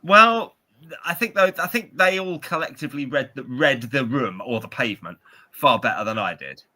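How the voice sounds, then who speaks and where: A man's voice: mid-range voice, expressive, moderate pace, sharp tone. A British man in his forties co-hosting a podcast, telling rambling, self-mocking stories in casual chat. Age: 40s. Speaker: podcast co-host.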